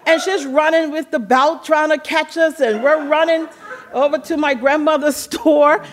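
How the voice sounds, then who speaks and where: A speaker casually telling a childhood story, laughing now and then. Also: high voice. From Bermuda. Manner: relaxed, laughs while telling, acts out voices.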